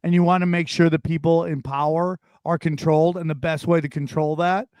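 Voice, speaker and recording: A man with a fairly high voice rambles through a casual podcast chat, tossing in dude and bro as he goes. The mic is close and dry, with no room sound. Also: brisk, clear, resonant tone, dry recording. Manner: rambling, animated, calls listener dude and bro. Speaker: podcast guest comedian.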